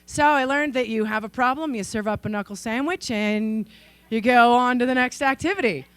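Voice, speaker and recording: A woman in her forties from Idaho giving a conference keynote, telling stories in a lively way and acting out the people in them. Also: a little high, moderate pace, no echo. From Idaho, USA. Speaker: keynote speaker. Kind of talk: storytelling speech. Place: conference stage.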